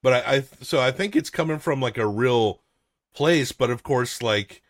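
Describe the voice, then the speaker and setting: A man's voice: medium pitch, lively intonation, normal speed, dry recording. Rambling young man, dry close voice. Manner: rambling, swearing, frequent fillers. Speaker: podcast host. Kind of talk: casual movie review chat.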